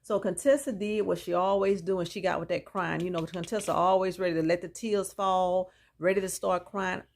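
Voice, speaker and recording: Creaky-voiced woman recapping reality TV. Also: on the low side, steady tone, normal speed, few pauses. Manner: opinionated, chatty, mixes in reactions. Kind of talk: casual gossipy show recap.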